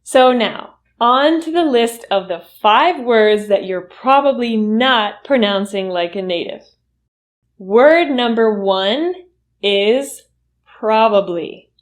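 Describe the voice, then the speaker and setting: A woman with an American accent teaching a pronunciation lesson, speaking slowly and clearly and drilling phrases for learners to repeat. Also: on the high side, expressive.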